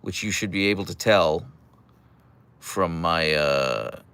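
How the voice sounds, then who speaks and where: A man's voice: low voice, takes it slowly, fairly bright tone, clean tone. A young man from the Pittsburgh area hosting a casual livestream, reading out chat messages and answering with teasing, dry jokes. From Pittsburgh area, USA.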